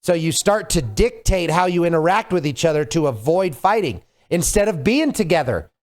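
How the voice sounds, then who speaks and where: A man's voice: fairly high pitch, animated, normal speed, soft background music. A man hosting a casual podcast, talking earnestly and reflectively, giving heartfelt advice over a video call. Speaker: podcast host.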